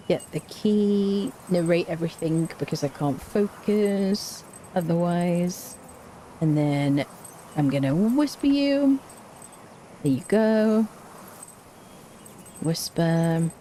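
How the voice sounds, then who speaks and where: A woman's voice: on the low side, mellow, a little hiss or hum. A young woman, chatting playfully and laughing often as she live-streams a game. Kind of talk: casual live-stream chat while gaming.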